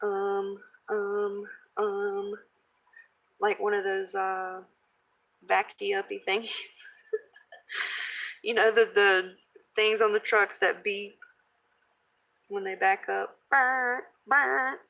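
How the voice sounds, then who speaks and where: A woman in her thirties casually chatting while she crafts, rambling off on tangents, laughing at herself and clearing her throat. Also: mid-range voice, level tone, slow, pauses often, fairly bright tone, rough recording. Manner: rambling, self-deprecating, laughs often. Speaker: craft video host.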